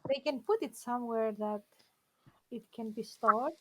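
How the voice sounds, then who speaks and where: A woman player at a tabletop game, soft-spoken and hesitant. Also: a little high, normal speed, slight background noise, low-quality recording. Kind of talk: casual tabletop play.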